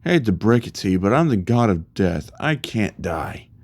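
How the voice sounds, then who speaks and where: A man's voice: lowish voice, big pitch swings, normal speed, a little mellow, no room sound. A man doing a mocking villain god of death. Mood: taunting. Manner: mocking, boastful taunts.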